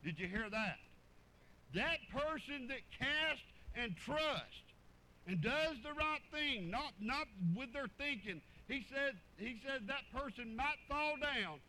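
High, bright-voiced preacher man. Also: animated, measured pace, slight background noise, low-quality recording. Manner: folksy, joking, fervent preaching. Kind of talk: sermon.

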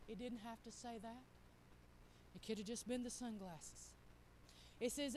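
A middle-aged woman, preaching in an animated, folksy storytelling style. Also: medium pitch, a little slow, slight background noise. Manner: animated, folksy, acts out quotes. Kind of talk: storytelling sermon.

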